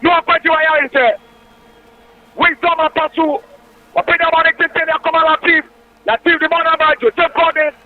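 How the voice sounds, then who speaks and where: High-pitched football radio commentator. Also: male voice, no echo. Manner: excited, rapid play-by-play shouting of player names. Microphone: radio studio mic. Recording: tinny radio broadcast line.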